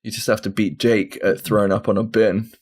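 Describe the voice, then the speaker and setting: A man's voice: lowish voice, flat delivery, brisk, a little mellow. A man co-hosting a gaming podcast, casual and teasing, laughing often. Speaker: podcast co-host. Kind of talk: casual banter.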